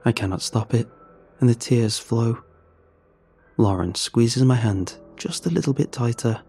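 A man's voice: mid-range voice, unhurried, mellow, breathy edge, soft background music. A man narrating a first-person story in an earnest, emotional way.

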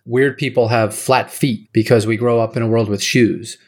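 A man's voice: medium pitch, steady tone, normal speed, a little mellow. A man being interviewed as a guest author, explaining his ideas in long, list-like answers. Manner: explanatory, lecture-like listing. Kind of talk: casual interview talk.

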